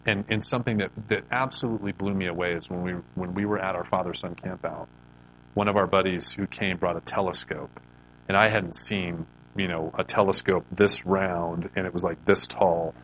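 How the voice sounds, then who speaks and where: A man with a fairly low voice gives an earnest, conversational devotional talk. He speaks with faith, and often restarts his sentences with repeated words. A faint hum sits behind him. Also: fairly even intonation, moderate pace, fairly bright tone, poor audio. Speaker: Christian speaker.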